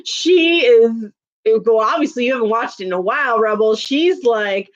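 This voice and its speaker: A woman's voice: on the high side, lively intonation, fairly quick, muffled recording. A woman in her thirties chatting casually on a live stream, laughing often and answering viewer comments.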